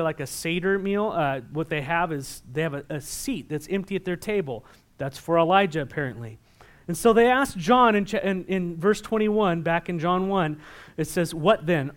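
Pastor, male, slightly high voice, sermon delivery that swells to emphatic on readings. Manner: asks the congregation questions, rises loud when reading scripture.

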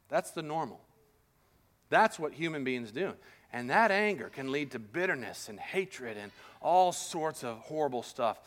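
A man pastor preaching a sermon in a casual, animated storytelling manner. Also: mid-range voice, normal speed.

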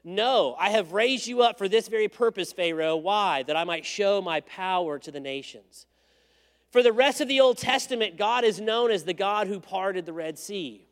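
Male preacher, high-pitched, animated storyteller, long hall reverb. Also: normal speed. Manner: animated storytelling, swings from loud to hushed. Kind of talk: sermon.

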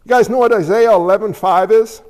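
A man's voice: high-pitched, fairly quick, a little mellow, big-room sound. A man preaching a casual sermon, conversational with jokey asides, acting out bits of dialogue. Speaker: pastor.

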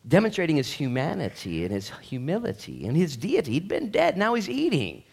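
A man preaching a sermon at a church service in a jokey, conversational way, swinging from quiet asides to loud, excited bursts. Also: fairly high pitch, brisk, gravelly, breathy edge. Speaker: pastor.

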